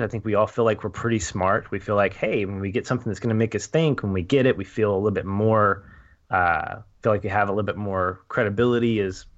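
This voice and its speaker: A man's voice: fairly low pitch, dull audio. A man chatting casually about a film, thinking aloud and acting out little quoted asides.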